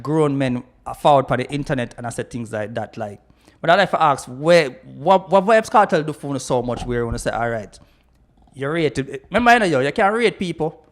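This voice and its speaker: Jamaican man questioning hard in commentary. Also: fairly high pitch. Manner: questioning, emphatic, repeats "you know". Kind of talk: opinionated commentary.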